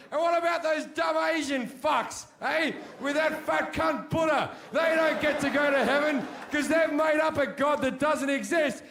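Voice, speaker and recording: A male comedian putting on a loud, crude, bigoted believer who shouts and sneers on a live comedy stage. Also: very high voice, reverberant, slight background noise, voice pushed up, heavily acted. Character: loud bigoted believer man ranting at foreigners.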